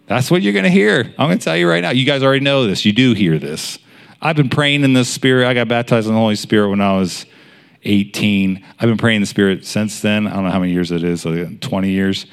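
A man's voice: fairly low pitch, fast, vocal fry, smooth. A man in his thirties preaching a sermon in a casual, storytelling way, with many fillers. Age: 30s.

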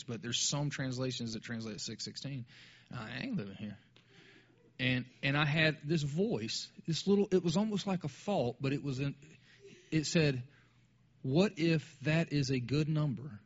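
A man's voice: mid-range voice, breathy edge, muffled recording. A man talking casually about faith in a conversational way, often restarting his sentences.

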